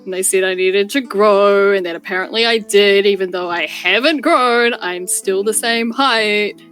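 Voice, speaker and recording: A woman's voice: mid-range voice, moderate pace, a bit bright, soft background music. A woman playing a tabletop game, talking in character in a rambling, hesitant way. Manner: rambling, hesitant, filler-heavy. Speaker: player. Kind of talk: in-character roleplay chat.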